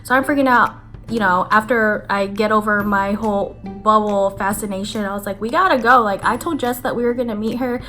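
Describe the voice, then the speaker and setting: A young adult woman vlogging to camera, telling a story in a chatty, animated way with lots of "like" fillers. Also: mid-range voice, fairly quick. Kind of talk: casual chat to camera. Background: faint background music.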